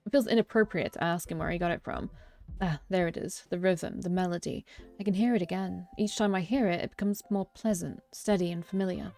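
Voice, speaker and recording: A woman's voice: lowish voice, fairly quick, vocal fry, darkish tone, faint music behind. A young woman reading a visual novel aloud as its narrator, often breaking off into joking, cursing asides and self-corrections. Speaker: let's play streamer.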